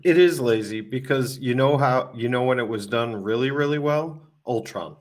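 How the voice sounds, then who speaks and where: A man's voice: mid-range voice, normal speed. A man co-hosting a casual movie review podcast, tossing in chuckling one-liners. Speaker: podcast co-host.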